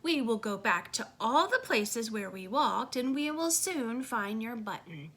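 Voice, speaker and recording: Woman reading a gentle, patient storybook Frog. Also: on the high side, sing-song, unhurried, breathy edge, exaggerated voice. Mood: reassuring. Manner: gentle, reassuring. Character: kind, patient male frog friend.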